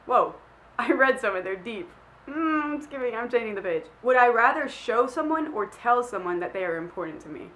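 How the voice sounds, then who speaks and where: A woman's voice: fairly high pitch, lively intonation, moderate pace, fairly bright tone, poor audio. Rambling young woman vlogger. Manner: rambling, self-deprecating, lots of "like" fillers. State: sick. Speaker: vlogger answering questions. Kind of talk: casual chat.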